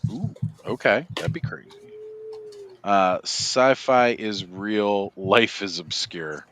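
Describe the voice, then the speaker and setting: A man's voice: fairly low pitch, expressive, slow, a bit bright, no echo. A man hosting a casual livestream chat over a video call, laid-back, laughing often and saying "like" a lot. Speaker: livestream host.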